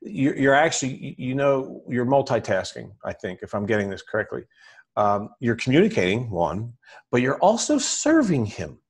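A man hosting a podcast interview, talking in an energetic, rambling way with frequent restarts and easy laughter. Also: mid-range voice, moderate pace, husky. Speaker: podcast host.

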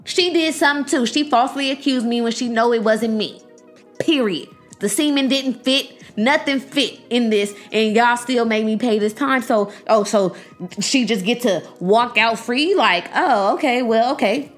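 A woman's voice: a little high, moderate pace, faint music behind. A young woman giving a casual, emphatic reaction to a series, blunt and profane, laughing often and jumping between points.

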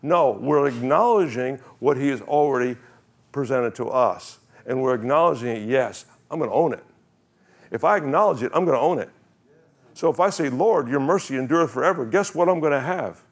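Male pastor, easygoing sermon delivery, slows down for scripture, checks in with the congregation. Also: mid-range voice, expressive. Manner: conversational preaching, reads scripture slowly, asks congregation questions.

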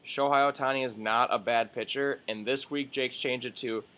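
Young male podcast co-host, mid pitch, animated storyteller who swears and does quick voices. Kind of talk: casual chat.

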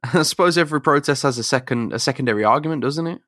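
A man co-hosts a podcast with a bright, forward voice, trading wry, sweary quips and laughs. The sound is close and dry, with no room around it. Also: mid-range voice, fast talker, dry recording. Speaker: podcast co-host. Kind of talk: casual comic recap chat.

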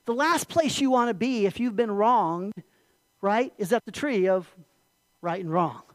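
A pastor preaching a sermon in a conversational way, asking the congregation rhetorical questions and dropping the voice low and soft on key points. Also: unhurried, no room sound.

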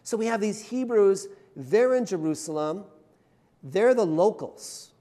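A man delivers a conversational sermon as a pastor. His voice sits a little high and moves with lively, animated swings in pitch. He keeps it informal with self-deprecating humor and keeps checking in with his listeners. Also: measured pace. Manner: chatty, self-deprecating humor, frequent "right?" tags.

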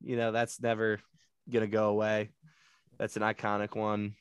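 A man's voice: lowish voice, monotone, moderate pace, clean tone, dry recording, lo-fi sound. A man hosting a casual movie discussion podcast, laughing often, swearing, and acting out lines from the film. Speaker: podcast host.

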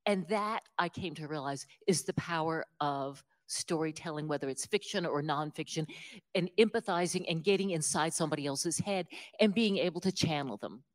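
A woman author being interviewed, telling stories in an animated, self-deprecating way and laughing often. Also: fairly low pitch. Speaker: author guest. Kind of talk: conversational interview storytelling.

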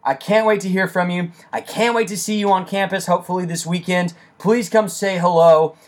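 A young man hosting a casual sports podcast, enthusiastic and excitable, speaking close into his microphone and breaking into shouts. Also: high voice, fairly quick, background noise. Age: young adult. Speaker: podcast host.

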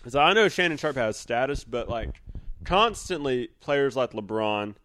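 A man's voice: mid-range voice, animated, measured pace, a bit bright. A man co-hosting a podcast, talking casually about sports news and laying out his opinions step by step. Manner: opinionated, lays out arguments step by step. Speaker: podcast co-host.

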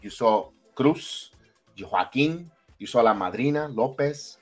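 A man hosting a wrestling recap podcast in casual chat, animated and repeating himself for emphasis. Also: mid-range voice, slow, faint music behind. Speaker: podcast host.

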